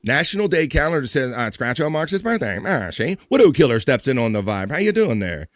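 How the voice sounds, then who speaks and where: A man's voice: mid-range voice, sing-song, a little fast, no echo, clean studio sound. A man hosting a casual live stream, chatting and joking as he reads out viewers' messages. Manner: chatty, reads chat messages aloud, jokey.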